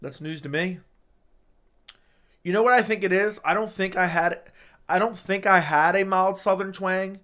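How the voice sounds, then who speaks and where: A man hosting a casual livestream, reading viewer questions out loud and answering them in a chatty, joking way. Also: sits high, fairly even intonation, normal speed, pauses often. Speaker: livestream host.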